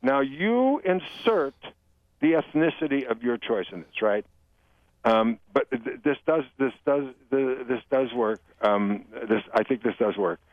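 An older man, a guest author, telling jokes and talking about humor in a radio interview, animated and given to slipping into voices. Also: medium pitch, measured pace, dry recording. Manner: animated storyteller, jumps into joke voices. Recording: dry tinny radio phone-line sound.

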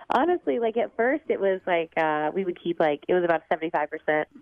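A woman's voice: fairly low pitch, very animated, brisk, no room sound, narrow, tinny audio. A woman with a Southern US accent, chatting upbeat and laughing as a radio interview guest. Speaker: cookbook author and TV cook, radio guest.

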